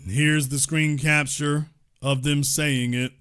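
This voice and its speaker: Bright, emphatic male commentator. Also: fairly high pitch, little pitch movement, slow, clear, resonant tone. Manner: incredulous, sarcastic asides between quotes. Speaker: political commentary host. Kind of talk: online political commentary, reading news quotes.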